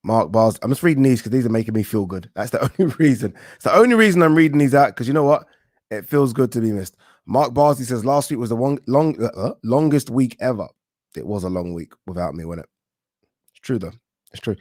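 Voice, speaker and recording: A man's voice: medium pitch, animated, fairly quick, a little mellow, no echo, studio quality. A man hosting a boxing channel, chatting casually and joking as he reads out viewer comments. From England. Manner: laid-back, joking, swears casually. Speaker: boxing YouTube host.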